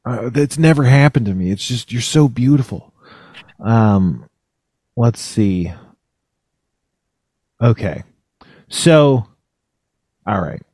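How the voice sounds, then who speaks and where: A man's voice: medium pitch, animated, slow, long pauses, a little mellow, dry recording. Rambling man on a dry video call. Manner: rambling, full of hesitations and filler words. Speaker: podcast co-host. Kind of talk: casual conversational chat.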